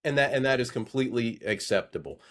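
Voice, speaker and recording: A man's voice: mid-range voice, lively intonation, quick pace, a bit bright. A man on a podcast giving wry, reflective comments in casual conversation. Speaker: podcast co-host.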